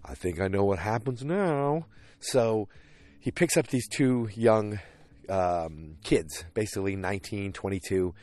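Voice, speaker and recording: This is a man with a somewhat low voice talking casually through a show's plot. He wanders from point to point, filling the gaps with ums and likes and doubling back on his own sentences. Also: expressive, a little slow, a little mellow. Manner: rambling, many fillers and restarts. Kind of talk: casual episode recap.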